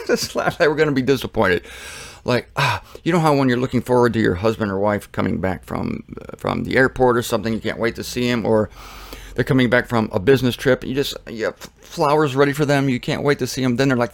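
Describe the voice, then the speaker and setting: A man talks through scripture in a loose, joking way. He wanders off track and restarts his sentences. His voice is gravelly at mid pitch, and the sound is dry and close with no room echo. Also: a little fast. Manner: rambling and joking, often trailing off and restarting. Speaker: Bible teacher and show host. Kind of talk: casual Bible teaching monologue.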